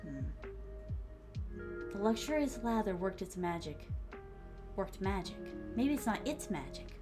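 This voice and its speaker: A woman's voice: medium pitch, big pitch swings, measured pace, music in the background. A woman streamer musing aloud as she rewrites sentences, playful and chatty, with a slight put-on accent. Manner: muttering drafts aloud, playful. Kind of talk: casual writing stream.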